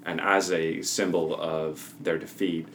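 A man's voice: sits low, level tone, measured pace, a little hiss or hum. A man acting as game master, narrating a tabletop role-playing podcast in a laid-back way, with fillers and laughs.

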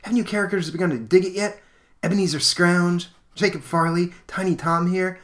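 Guy doing a teen hero team leader, bossy and keen, bit higher than his own voice. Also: steady tone, fairly quick, a bit bright. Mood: commanding. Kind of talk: comic read aloud on a podcast.

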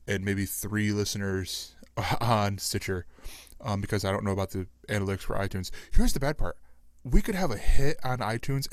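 A man's voice: fairly low pitch, smooth, dry recording, clean studio sound. Rambling, chatty male podcast host. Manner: rambling, chatty, quick to laugh. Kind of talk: casual podcast chat.

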